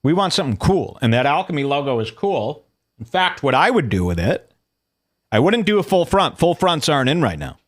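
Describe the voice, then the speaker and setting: A man's voice: on the high side, sing-song, fairly quick. A man hosting a casual livestream, rambling and mocking as he reads out posts. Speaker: show host.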